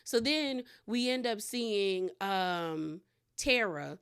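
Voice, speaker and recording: Southern lady doing a chatty tv recap, acts out quotes in voices, mid pitch. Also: expressive, drawn-out words, clear, resonant tone. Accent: Southern American. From Southern United States. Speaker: reality TV recap host. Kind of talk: casual episode recap.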